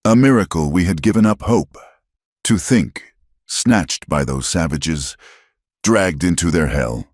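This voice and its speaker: A man voicing a pompous, condescending older land baron who booms his lines. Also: lively intonation, a little slow, no room sound, studio quality. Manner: booming, condescending.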